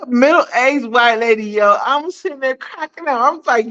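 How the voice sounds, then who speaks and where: Mom live streaming, blunt and slangy, talks slow, keeps cracking up, muffled audio. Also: female voice, sits high. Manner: animated, laughs often, slangy and blunt. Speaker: live streamer chatting with viewers. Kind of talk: casual live-stream chat. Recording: dull lo-fi sound.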